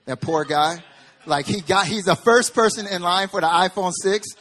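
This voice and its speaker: Male pastor, fairly high voice, animated sermon delivery with big dynamic swings. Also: moderate pace. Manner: animated storytelling, swings from hushed to loud. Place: church service.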